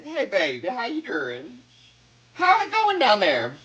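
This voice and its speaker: His voice is extremely high, swinging hugely in pitch, pushed and bright, and a little slow, heard through poor audio. He's a South Carolina man with a Southern drawl running a casual cooking live stream, greeting viewers with sass and play and humming little sound effects.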